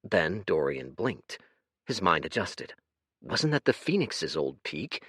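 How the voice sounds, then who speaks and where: A man narrating a science fiction audiobook in an expressive scripted reading. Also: sits low, slow, breathy edge, dry recording, clean studio sound. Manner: expressive, shifts voice for characters.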